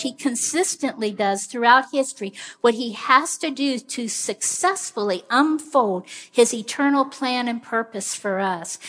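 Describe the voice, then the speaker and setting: A woman preaching a sermon, speaking in an earnest, measured storytelling way. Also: fairly high pitch, fairly bright tone.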